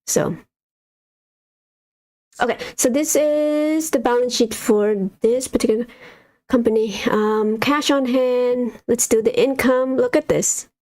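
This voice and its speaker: A woman's voice: a little high, slow pace, darkish tone. A woman hosting a casual livestream, giving exasperated, blunt commentary on stocks while reading figures off a screen. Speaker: stock market livestream host.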